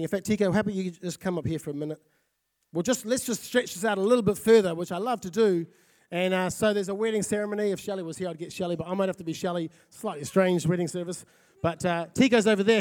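A pastor who grew up in Fiji, giving a lively, conversational sermon and often checking in with listeners. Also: male voice, high-pitched. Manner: lively, conversational, often asks the crowd "right?".

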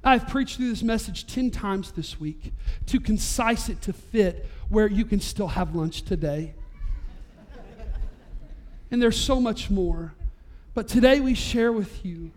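A pastor with a very high-pitched male voice preaches a sermon in a church, telling a story with lively energy and building to loud, emphatic peaks. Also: slow. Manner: storytelling, animated, voice rising to near-shouts at climaxes. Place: church sanctuary.

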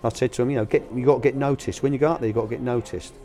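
Soft music plays behind an older man whose medium-pitched, mellow voice moves rapid-fire with fairly even intonation. A former youth academy manager, he tells casual interview anecdotes about coaching young players, voicing the people he quotes.

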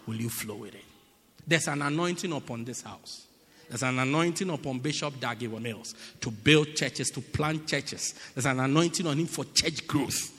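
A man preaching a sermon as pastor, emphatic and repetitive, swinging between loud cries and low murmurs. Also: normal speed, slightly rough, long reverb tail.

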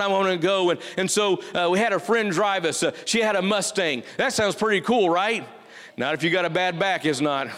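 A man's voice: high voice, fairly bright tone, smooth, in a large hall. A middle-aged man preaching a sermon as pastor, speaking in rhythmic repeated phrases and calling out to the congregation. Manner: preaching with rhythmic repetition and call-outs to the congregation.

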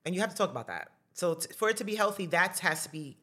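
A middle-aged woman with a New York accent speaks as a podcast guest. Her voice sits a little low, and she talks bluntly and with plenty of life. Her tone stays casual. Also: fast, husky. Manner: blunt, animated, outspoken. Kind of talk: casual chat.

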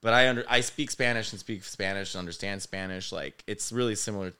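A man from Chicago sits in as a comedian guest on a chatty podcast. He spins animated stories with a bright, forward edge to his voice, and his words come out smooth and crisp. He curses casually as he goes. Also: fairly low pitch, quick pace. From Chicago, United States. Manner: animated storyteller, swears casually.

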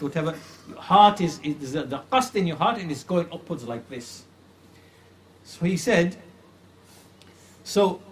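Man, religious lecture, earnest, repeats for emphasis, somewhat high voice, faint background hiss. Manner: earnest, repeats phrases for emphasis, slows to stress points. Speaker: Islamic creed teacher. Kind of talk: religious lecture retelling a classical story.

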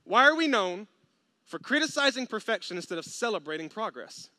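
A man's voice: high-pitched, fairly quick, dry recording, studio quality. A man preaching a sermon with humor and acted-out voices. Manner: animated, humorous, acts out quoted voices. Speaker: pastor.

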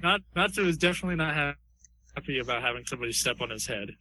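A man's voice: a little high, expressive, racing, sharp tone, a little hiss or hum, low-quality recording. A man co-hosting a podcast, hesitantly describing an imagined fight and repeating words as he thinks. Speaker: podcast co-host. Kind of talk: casual chat narrating a fight scenario.

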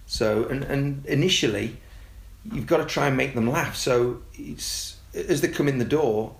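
A man, a youth football coach talking casually and telling animated stories. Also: a little slow, gravelly, reverberant. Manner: animated storyteller, mimics excited kids in a high voice. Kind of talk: casual podcast chat.

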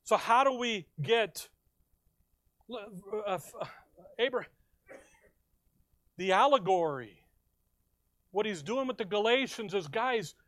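This pastor's voice is high and fairly bright, captured in a dry recording. He preaches by reading scripture slowly with stressed phrasing, firing off questions at his listeners and then supplying the answers.

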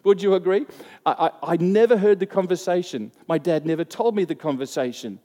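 A man's voice: high-pitched, a little fast, mellow. A man preaching a sermon, telling a personal story in a conversational way and acting out the voices of the people in it. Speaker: pastor. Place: church hall. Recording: long reverb of a church hall.

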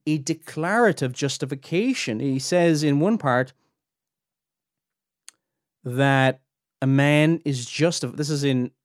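A podcast host and Bible teacher with a slightly high voice speaks slowly, leaving long pauses, in clean, echo-free studio sound. He teaches theology with earnest emphasis, climbing sharply when pressing a point.

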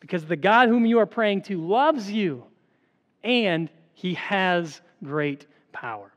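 A man's voice: high-pitched, animated, slow pace, fairly bright tone, in a large hall. A man preaching a sermon as pastor, earnest and emphatic, asking rhetorical questions and answering them.

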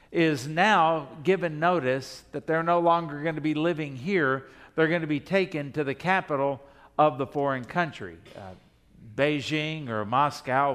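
A man's voice: fairly high pitch, a bit bright. A male pastor preaching a sermon in a conversational way, asking the congregation rhetorical questions and speaking in the imagined voices of the people.

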